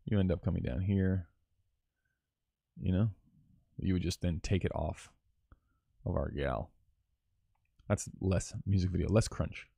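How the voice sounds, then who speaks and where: A man with a lowish, mellow voice talks through film shots on a live stream. He is casual and enthusiastic, swears here and there and often restarts his sentences. The sound is close and dry, with little room around it. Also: dry recording. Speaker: cinematographer teaching on a live stream.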